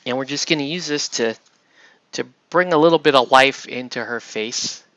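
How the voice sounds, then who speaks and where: A man's voice: medium pitch, moderate pace, pushed and bright, no room sound. A man hosting a casual painting tutorial, chatty and rambling as he works, often checking in with "right?". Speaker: miniature painting host. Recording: dull lo-fi dry sound.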